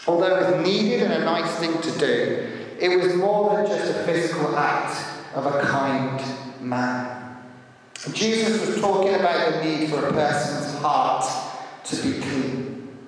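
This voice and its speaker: Preacher in an echoey hall. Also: male voice, fairly high pitch, a little slow, recorded from a distance. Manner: storytelling, acting out biblical characters with lively shifts. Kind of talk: sermon. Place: church hall.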